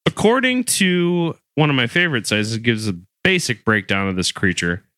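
A man's voice: mid-range voice, lively intonation, moderate pace, sharp tone, no room sound, studio quality. A man co-hosting a casual podcast, chatty and teasing, introducing a topic. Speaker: podcast co-host.

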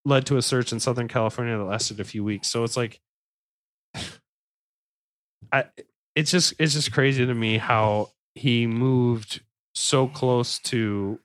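A young adult man hosting a podcast, telling a crime story in a relaxed, jokey way and correcting himself as he goes. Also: medium pitch, takes it slowly, long pauses, no echo. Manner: relaxed, swearing, jokey asides, self-correcting. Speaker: podcast host. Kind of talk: casual true-crime storytelling.

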